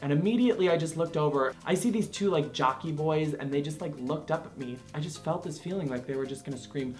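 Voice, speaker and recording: A young man telling a personal story to camera, animated and expressive, acting out quotes with laughter along the way. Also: fairly high pitch, quick pace, faint music behind. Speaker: vlogger.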